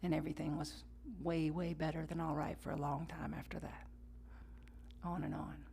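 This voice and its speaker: A woman's voice: low voice, level tone, moderate pace, vocal fry, slight background noise. Woman pastor giving a sermon with dynamic swings into whispers, plus call-and-response and conversational asides. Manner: swings from loud emphatic lines to hushed whispers; leads the congregation in call-and-response.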